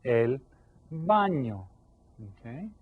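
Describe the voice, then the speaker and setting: A man teaching a recorded Spanish lesson to children, patiently explaining and slowly drawing out each new word. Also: medium pitch, very animated, phone-quality sound. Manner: slow, drawn-out modeling of Spanish words. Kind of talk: televised classroom lesson for children.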